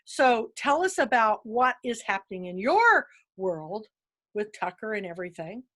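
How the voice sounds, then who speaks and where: A woman's voice: a little high, big pitch swings, a little slow, fairly bright tone. Enthusiastic woman talk-show host. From Kansas. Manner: enthusiastic, gushing. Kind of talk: casual interview chat.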